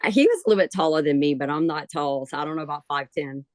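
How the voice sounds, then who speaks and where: A woman sitting in on a psychic reading and answering in short replies. Her voice sits low, and she often laughs between answers. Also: fast talker. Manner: brief answers with frequent laughter. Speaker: client at a reading.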